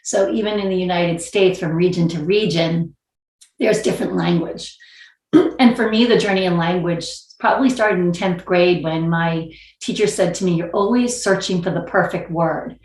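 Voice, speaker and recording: A woman's voice: lowish voice, moderate pace, a little mellow, roomy sound. A woman from New York with a New York accent, speaking as a panelist in a video-call panel discussion, thoughtful and wordy with many restarts.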